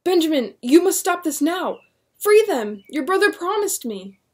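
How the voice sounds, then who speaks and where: A woman voicing a desperate colonial husband and father, crying out in loud pleas. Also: a little high, moderate pace, husky. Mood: frantic shouting. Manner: shouting, pleading cries.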